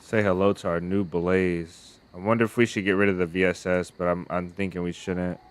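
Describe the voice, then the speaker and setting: Low-voiced man commenting on a game. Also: flat delivery, brisk, a little hiss or hum. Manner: thinks aloud, restarts sentences. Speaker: game streamer. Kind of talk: casual gameplay commentary.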